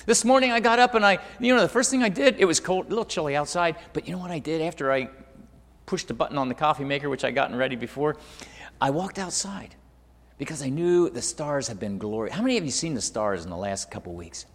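A middle-aged male pastor preaching a sermon, moving between loud emphasis and hushed asides. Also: on the high side, expressive, fast. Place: church hall. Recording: long hall reverb.

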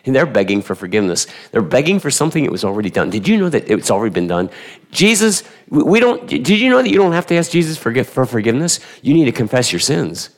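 Speaking fast at a medium pitch, this male pastor preaches energetically from the pulpit. He keeps circling back to his main phrases and throws rhetorical questions out to the congregation with real emphasis.

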